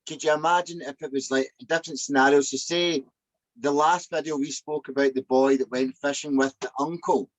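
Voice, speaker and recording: A man's voice: medium pitch, no echo, rough recording. A male co-host in casual podcast chat, asking long conversational questions.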